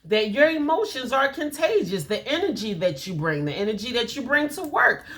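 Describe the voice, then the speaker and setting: Woman in her forties, crisp bright voice, chatty storytelling, motivational talk. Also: high-pitched, normal speed. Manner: chatty storytelling with lively quoted asides. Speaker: host.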